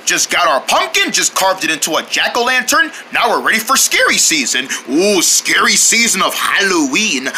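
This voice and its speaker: A man's voice: high voice, sing-song, normal speed, hardly any pauses, pushed and bright, a little hiss or hum. A man voicing goofy cartoon characters in playful, sing-song banter.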